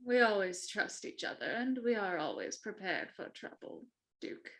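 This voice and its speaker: A composed, dutiful woman, played by a player at the table answers in a bright, clear voice that is polite and measured. Her manner stays calm and courteous, and she never loses her poise. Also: mid-range voice.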